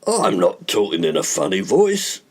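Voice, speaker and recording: A man plays a sly, gruff middle-aged bookie, dropping low and drawling his lines wryly. His voice swings up and down as he talks. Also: huge pitch swings, normal speed, heavily acted.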